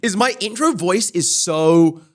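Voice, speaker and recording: A man's voice: high voice, expressive, a little slow, a bit bright. A man who is a YouTuber, talking as a podcast guest in a casual, thoughtful, rambling way with lots of fillers.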